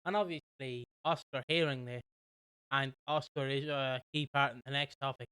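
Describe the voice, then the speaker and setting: A young British man co-hosting a podcast, casually recapping a soap with a rambling, animated manner. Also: mid-range voice, moderate pace, smooth, no room sound. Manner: rambling, animated retelling with quoted voices. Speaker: podcast co-host.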